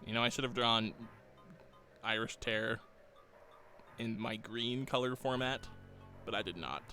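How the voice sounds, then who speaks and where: A man's voice: medium pitch, measured pace, sharp tone. A man streaming live while he draws, rambling casually, chuckling often and reading chat aloud. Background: faint game soundtrack music.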